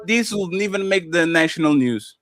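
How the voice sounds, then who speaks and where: A man in casual opinion talk on a streamed panel, animated and emphatic, often slipping into mocking impressions. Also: on the high side, normal speed, dry recording, clean studio sound. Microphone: streaming microphone.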